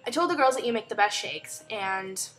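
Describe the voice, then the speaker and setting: A woman's voice: mid-range voice, moderate pace. A young woman telling a chatty story in a casual vlog at home, acting out other people's lines as she goes. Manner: chatty, animated retelling with quoted voices. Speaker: vlogger.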